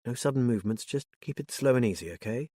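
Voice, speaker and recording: A man narrating a story and voicing a calm, firm middle-aged woman, a former police officer, who gives crisp orders and then speaks gently. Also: medium pitch, quick pace, no room sound, studio quality, lightly acted. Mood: soothing. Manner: commanding, then soothing and gentle.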